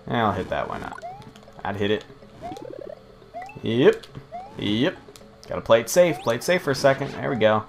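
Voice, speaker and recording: A young man talks through his gameplay in a loose, rambling way, swearing often. His voice sits at an ordinary middle pitch. Faint music plays quietly behind him. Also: big pitch swings, moderate pace, vocal fry, long pauses. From United States. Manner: rambling, profane, chatty. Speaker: let's play host. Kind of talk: casual gameplay commentary.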